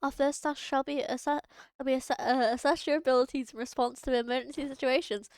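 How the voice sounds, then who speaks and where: A calm, formal female company official, read aloud by a woman streamer. The lines come quietly and in a measured way, in a high voice. Her manner stays composed and businesslike. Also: clean tone, dry recording.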